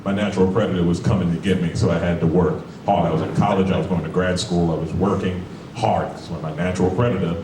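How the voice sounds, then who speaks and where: A man's voice: sits low, steady tone, fast, hardly any pauses, noisy background. A stand-up comedian in his forties from Brooklyn, talking in a profane, conversational way with lots of rhetorical asides. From Brooklyn, New York. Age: 40s. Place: comedy club with a live audience. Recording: echoey room, far mic, audience laughter.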